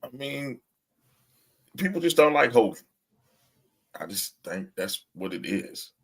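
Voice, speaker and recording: Profane, laughing podcast co-host. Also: male voice, medium pitch, unhurried, breathy edge. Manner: profane, animated ranting with frequent laughs. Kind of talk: casual chat.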